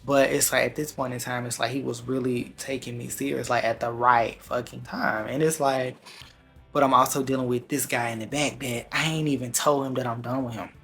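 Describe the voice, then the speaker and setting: Gravelly-voiced man telling a story. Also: mid-range voice, brisk, faint music behind. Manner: candid, slangy, animated storytelling. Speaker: vlogger. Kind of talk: casual storytime vlog.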